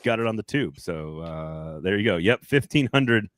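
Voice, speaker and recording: A sports podcast host with a fairly low, expressive voice talks at normal speed with no echo. He's chatty and rambling, often correcting himself mid-sentence.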